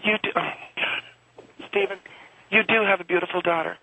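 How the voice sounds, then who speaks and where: A man's voice: high-pitched, fairly even intonation, brisk, bright, forceful tone, no room sound, pitched above the performer's own voice, full character voice, rough recording. A man voicing a smug, prim middle-aged woman who runs a homeowners association, talking down to a caller with mock sweetness on a comic call-in show. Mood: smug, condescending. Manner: condescending, bigoted, mock-sweet. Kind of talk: comic radio character call-in.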